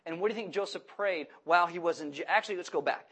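A man preaching a sermon to a congregation, lively and questioning, acting out voices as he goes. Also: high-pitched, fast, breathy edge. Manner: animated, acts out voices and asks the audience questions. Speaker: pastor.

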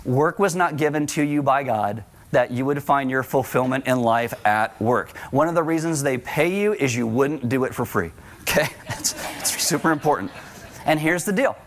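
A man's voice: medium pitch, lively intonation, moderate pace, slight background noise. A middle-aged man preaching a sermon to a congregation, conversational, with joking asides. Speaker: pastor.

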